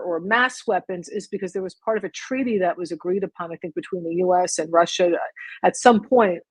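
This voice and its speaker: Eager woman podcast host, husky voice. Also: medium pitch, a little mellow, no echo, poor audio. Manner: eager, talks in quick bursts with restarts. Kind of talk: casual interview chat.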